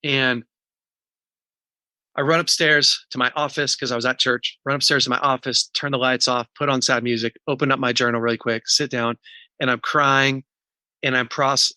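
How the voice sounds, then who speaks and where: Interview guest, male, bright and forward tone, candid, walks through his process step by step. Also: medium pitch, fairly even intonation, moderate pace, no echo. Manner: earnest, teaching in numbered steps; candid and emotional about personal pain. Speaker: podcast guest, recovery coach. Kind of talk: podcast interview.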